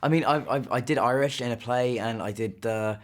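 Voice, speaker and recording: A man's voice: mid-range voice, a little fast. A young man in his twenties, an actor chatting in a press interview, rambling with many fillers and restarts. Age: 20s.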